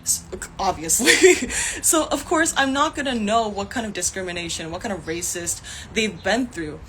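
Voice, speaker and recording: A woman's voice: mid-range voice, normal speed, pushed and bright, slight background noise. A young woman talking into her phone on a livestream, angry and heated, swearing often and laughing in frustration. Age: young adult. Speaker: actor streaming live. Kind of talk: casual livestream rant.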